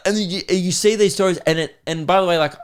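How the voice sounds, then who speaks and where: A man with an Australian accent, a comedian hosting a podcast, telling stories in a casual, rambling, animated way. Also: sits high, fast talker, smooth. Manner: rambling, animated, slips into voices.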